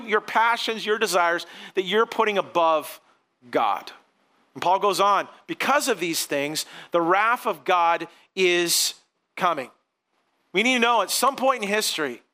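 A middle-aged male pastor delivers a sermon in a relaxed, conversational manner. His voice sits high and has a bright, forward ring. He weaves personal stories and quick asides into the teaching.

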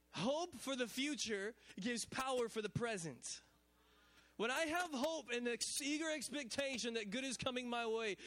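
High-pitched guy preaching, lots of repeats and restarts, gets the crowd going. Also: no room sound. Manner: repetitive preaching with stammered restarts and call-and-response; animated, builds to shouted exclamations. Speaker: pastor. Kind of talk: sermon.

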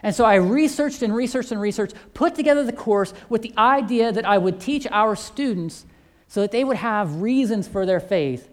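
A man's voice: high-pitched, animated, moderate pace. A man who teaches a church faith course, telling a testimony story and acting out both sides of the conversations.

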